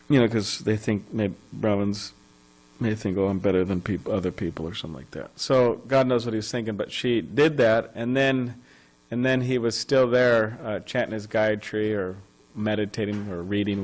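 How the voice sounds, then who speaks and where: A man's voice: lowish voice, steady tone, normal speed, low-quality recording. A man giving a scripture class at a temple, telling a story conversationally with many fillers and restarts. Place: temple hall.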